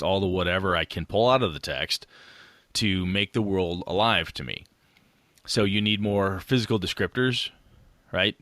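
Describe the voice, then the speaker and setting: A man's voice: low voice, fairly bright tone, no room sound. A man co-hosting a casual gaming podcast, talking frankly and swearing now and then. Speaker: podcast co-host.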